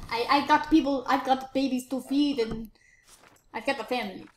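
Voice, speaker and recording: A woman's voice: sits high, moderate pace. A woman giving casual game commentary while playing a bossy, impatient border inspector. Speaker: gamer narrating her play. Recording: roomy, faint noise.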